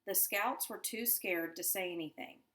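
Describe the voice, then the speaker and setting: A woman teacher reading a children's novel aloud to her class in a deliberate storytelling manner. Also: mid-range voice, sharp tone. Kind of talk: children's book read-aloud.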